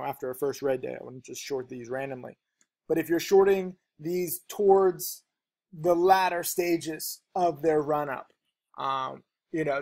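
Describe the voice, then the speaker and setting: A man giving a casual, unscripted trading lesson, talking rapidly and rambling, with lots of fillers and restarts. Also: on the high side, vocal fry, darkish tone. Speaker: stock trading teacher.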